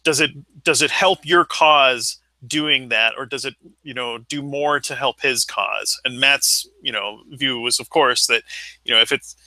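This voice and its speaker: Bright, halting man telling a story. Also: medium pitch, no room sound, poor audio. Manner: rambling, halting storytelling with many restarts. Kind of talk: casual chat.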